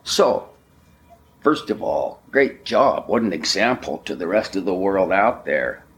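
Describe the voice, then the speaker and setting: A man giving a spiritual talk, speaking slowly and emphatically, with repeated affirmations. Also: deep voice, very animated, a bit bright. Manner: slow, emphatic, repetitive affirmations.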